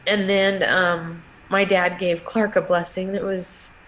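A middle-aged woman, a guest in an interview, telling a personal story in a halting, emotional way with many restarts. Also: fairly low pitch, level tone, fairly bright tone, a little hiss or hum, rough recording.

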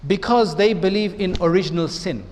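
A man with a high-pitched voice delivers an Islamic lecture as an imam. He talks conversationally and keeps turning to his listeners with rhetorical questions. His words carry a long reverb from a large hall. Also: a little fast, darkish tone.

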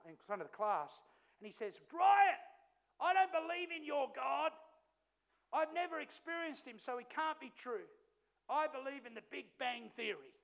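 A middle-aged man preaching a sermon in a church, telling a family story with lively acted-out dialogue. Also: high-pitched. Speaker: pastor.

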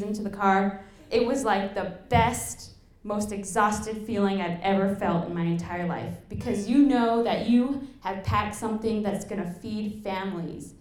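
A young woman from Alaska telling a lively personal story to an audience, laughing and acting out the quotes. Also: a little high. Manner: animated, laughing, acts out quotes. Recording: echoey room.

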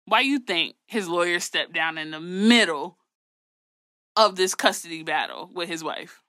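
Woman, gossip co-host, sassy, blunt, crisp bright tone, dead dry sound. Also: fairly low pitch, lively intonation, measured pace, no echo. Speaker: podcast co-host. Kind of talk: casual gossip chat.

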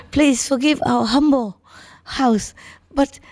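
An overjoyed, humble man, as a woman acts him out, gushing as he welcomes a guest and begs to serve. The voice jumps up high and eager. It is told inside a spoken story. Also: extremely slow, a little mellow, no room sound, exaggerated voice. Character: overjoyed humble male host disciple.

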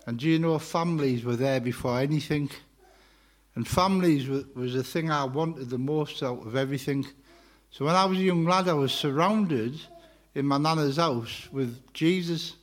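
Fast-talking man preaching. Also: a little high. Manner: chatty and joking, talks fast. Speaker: guest preacher. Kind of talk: sermon-style personal testimony. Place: church carol service before a live congregation. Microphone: handheld microphone.

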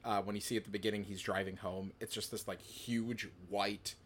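A man's voice: on the low side, flat delivery, normal speed, a bit bright, a little hiss or hum. A man co-hosting a podcast, telling long stories in casual chat with many fillers and restarts. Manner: rambling, filler-heavy storytelling. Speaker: podcast co-host.

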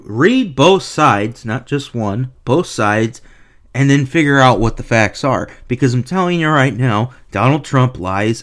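A man giving a heated, profane rant as a hockey video reviewer, swinging between low mutters and loud sarcastic outbursts. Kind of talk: ranting commentary.

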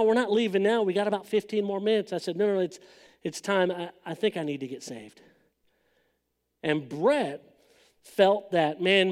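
A man's voice: sits high, darkish tone. A middle-aged man from California preaching a sermon testimony, telling his story and building to fervent emphasis. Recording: long hall reverb.

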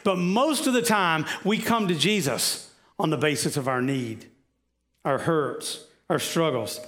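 A male preacher with a high-pitched voice delivers a conversational sermon. He keeps turning to the congregation with questions, and his talk is sprinkled with "uh"s and restarts. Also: animated, measured pace, a bit bright.

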